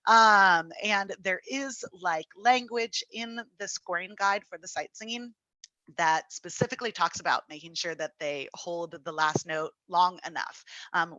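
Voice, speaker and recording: Music teacher, woman, lower pitch but bright tone, counts and sings rhythms, dry close sound. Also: dry recording. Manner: chatty, encouraging, thinks aloud. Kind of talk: online lesson.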